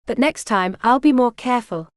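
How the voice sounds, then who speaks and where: A woman voicing a calm, seasoned male mercenary knight, speaking steadily and gently in a smooth voice. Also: a little high, normal speed, no room sound, clean studio sound, natural voice. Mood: steady.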